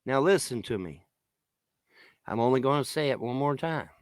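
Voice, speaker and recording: A man rants to the camera, cursing hard and taunting his critics with repeated mocking questions. His voice sits at an ordinary middle pitch and sounds dry and close, with no room echo. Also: expressive, moderate pace. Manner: swearing, taunting, shouting in bursts. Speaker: vlogger. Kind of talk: angry profane rant to camera.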